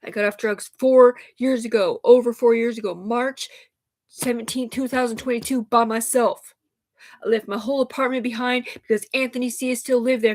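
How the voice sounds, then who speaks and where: A woman's voice: fairly high pitch, a little mellow. A woman talking on a livestream in an agitated, rambling way, swearing a lot, restarting sentences and addressing her listener as sir, upset and sighing. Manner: agitated, profane, run-on talk with many restarts.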